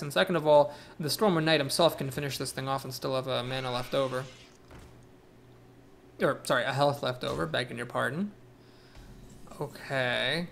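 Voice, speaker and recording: Casting: young adult man, gameplay commentator, gravelly, a bit high, thinks out loud, faint hiss behind. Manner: thinks aloud, weighs plays, self-corrects. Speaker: streamer playing a card game.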